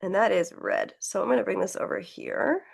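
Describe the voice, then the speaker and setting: A woman's voice: medium pitch, moderate pace, vocal fry, slightly rough. A woman leading a live online painting class, talking through each step in a chatty, encouraging way as she demonstrates. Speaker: painting instructor.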